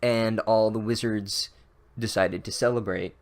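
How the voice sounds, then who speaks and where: A man's voice: fairly low pitch, steady tone, measured pace. A man giving a rambling, sarcastic, profane comedic recap of a book, full of "like" and restarts.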